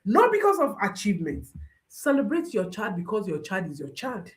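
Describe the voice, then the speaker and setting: A woman's voice: medium pitch, huge pitch swings, moderate pace. A woman parenting coach giving a motivational talk, emphatic and repeating her key phrases like refrains. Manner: rises and drops sharply for emphasis.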